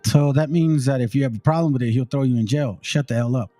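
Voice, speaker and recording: A man's voice: mid-range voice, fast, warm tone, faint music behind. A man hosting his own channel, blunt and profane, preaching and ranting over the clips he plays. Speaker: channel host. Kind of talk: casual ranting commentary.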